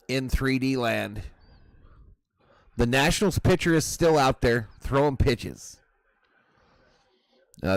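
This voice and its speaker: A man's voice: medium pitch, no echo. A man hosting a live baseball watch-party stream, chatting casually with his viewers. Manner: chatty, addresses chat as "y'all".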